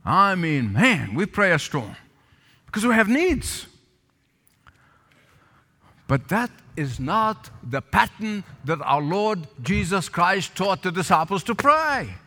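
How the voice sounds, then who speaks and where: A man's voice: high-pitched, big pitch swings, slow, bright, forceful tone, big-room sound. A male pastor preaching a sermon, calling for responses from the congregation and repeating lines for emphasis. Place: church sanctuary with balcony.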